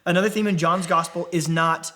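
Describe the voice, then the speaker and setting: A man's voice: a little high, brisk, noisy background. A man leading a conversational Bible teaching for a young adult group, often asking the listeners questions. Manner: animated, asks the group questions. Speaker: young adult ministry preacher.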